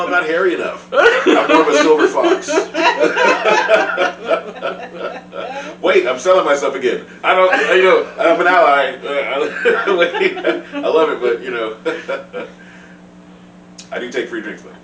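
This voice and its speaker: Joking man, lively and laughing. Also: fairly high pitch, slow, crowd noise. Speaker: comedian guest. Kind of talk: casual chat. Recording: echoey room, distant mic, noisy.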